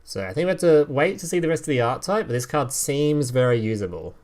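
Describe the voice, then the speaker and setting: A man's voice: medium pitch, lively intonation, fast talker, a little mellow. A man streaming casual commentary as he reviews game cards, reading card text aloud, swearing and laughing as he goes.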